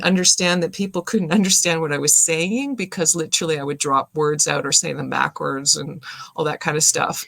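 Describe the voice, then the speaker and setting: A woman, chatting as a guest in a relaxed interview, lively and laughing often. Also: lowish voice, no room sound. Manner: lively, laughing, animated storyteller. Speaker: guest, singer and voice actor. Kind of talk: casual video-call chat.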